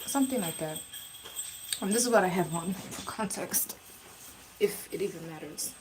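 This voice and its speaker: A woman's voice: deep voice, lively intonation, normal speed, noisy background. A woman telling a storytime in a casual, blunt and profane way, rambling with restarts. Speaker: live streamer.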